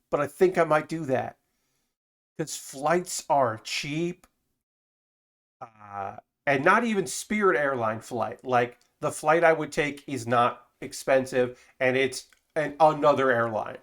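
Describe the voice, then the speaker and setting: A man's voice: on the high side, fairly bright tone. A man streaming while building a model kit, talking casually in a rambling, self-correcting way with frequent swearing. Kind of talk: casual live-stream chat.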